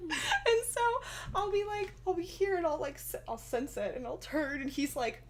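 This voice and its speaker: A woman's voice: high voice, lively intonation, a little fast. A young woman chatting casually with viewers on a livestream, giggly and often laughing as she talks.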